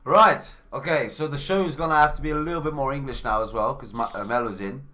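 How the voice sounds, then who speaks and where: A man co-hosting a casual live stream, steering the talk with quick, repeated interjections. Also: mid-range voice, pushed and bright. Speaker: co-host.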